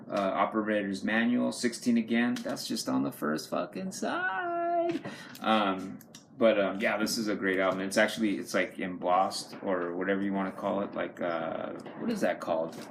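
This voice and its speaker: A man's voice: on the low side, creaky, a little hiss or hum. A man casually showing his record collection, rambling and enthusiastic, swearing often and using many fillers. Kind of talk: casual unscripted talk to camera.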